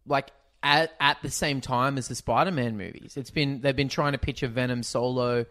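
A man's voice: medium pitch, fairly even intonation, a bit bright. Easygoing man, hesitant and chatty. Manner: loose, hesitant, many fillers, quick to laugh. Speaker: podcast co-host. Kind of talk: casual chat.

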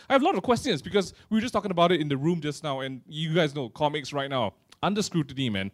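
A man's voice: on the high side, animated, fast, few pauses. Young Malaysian man doing stand-up. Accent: Malaysian English. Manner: chatty, self-mocking, playful impressions. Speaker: stand-up comedian. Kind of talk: stand-up comedy set. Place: office meeting hall.

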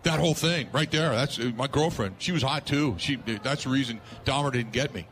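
A man quoting a rambling, high-strung desk clerk. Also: a little fast, fairly bright tone, natural voice. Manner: rambling, jumping topics.

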